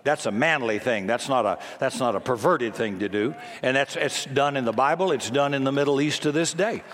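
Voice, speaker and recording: A man's voice: mid-range voice, a little fast, a bit bright. A man in his seventies preaching a sermon in a folksy, emphatic way, often acting out the voices he quotes. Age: 70s. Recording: long hall reverb.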